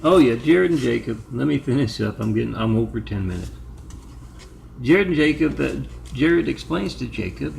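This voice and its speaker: Gravelly man rambling into the camera. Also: medium pitch, lively intonation, moderate pace, a little mellow, slight background noise. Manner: digressive, spells out numbers and web addresses. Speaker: video maker. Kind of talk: rambling monologue.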